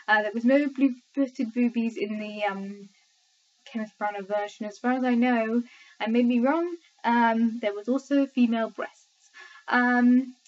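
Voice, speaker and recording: Sleepy young English woman vlogger, rambling chat full of ums, fairly high voice, dull lo-fi webcam sound. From England. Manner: rambling, many filler ums. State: sleepy, tired late at night. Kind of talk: casual chat to camera. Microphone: laptop webcam mic. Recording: lo-fi webcam audio.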